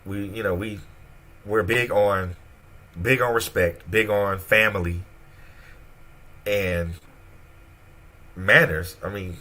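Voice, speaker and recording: A man with a Southern American accent chatting casually on a radio show, telling stories with animated quoted voices. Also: fairly low pitch, slow pace, pauses often. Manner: animated storyteller, acts out quoted voices, laughs often. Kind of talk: casual chat.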